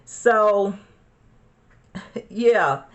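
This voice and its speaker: A woman's voice: mid-range voice, drawn-out words. A woman from Alabama, chatting casually to viewers while doing her makeup, repeating herself and calling them y'all. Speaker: beauty vlogger. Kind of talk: casual get-ready-with-me chat. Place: home desk corner.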